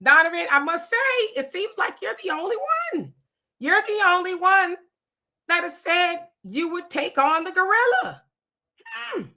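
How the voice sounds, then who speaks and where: Bright casual woman livestream host. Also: very high voice, animated, measured pace. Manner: laughing, playful, reads viewer comments aloud. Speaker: livestream co-host reading chat. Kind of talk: casual chat.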